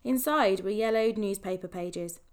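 A woman narrating a children's novel aloud in a measured, expressive reading, shifting voices for the characters. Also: mid-range voice. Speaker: audiobook narrator. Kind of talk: storybook reading.

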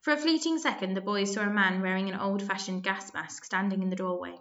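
A woman narrating a children's story aloud, lively and expressive, with small slips. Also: mid-range voice, brisk, dull audio.

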